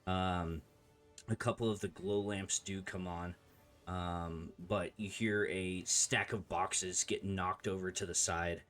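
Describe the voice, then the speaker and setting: A man's voice: sits low, fairly even intonation, slow, fairly bright tone, soft background music. A man narrating as game master in a tabletop game, describing scenes in a hesitant way with many fillers.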